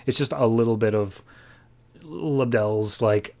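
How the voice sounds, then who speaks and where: A man hosting a podcast, casually recapping a comic issue and paraphrasing the characters in quick, chatty asides. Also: mid-range voice, mellow, soft background music. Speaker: podcast host.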